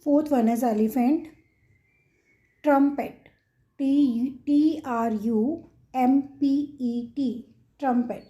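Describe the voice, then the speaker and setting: A woman's voice: sits high, slow, pauses often, warm tone. A woman with an Indian English accent hosting a children's lesson, naming animal sounds and spelling each word out letter by letter. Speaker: kids' channel host.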